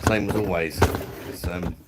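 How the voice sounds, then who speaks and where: Low-voiced Cockney-ish man chatting live. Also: fairly even intonation, normal speed, heavy background noise. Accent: London, Cockney-ish. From London. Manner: matey, chatty, drops in slang and laughs. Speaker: live stream host. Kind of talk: casual live chat with viewers.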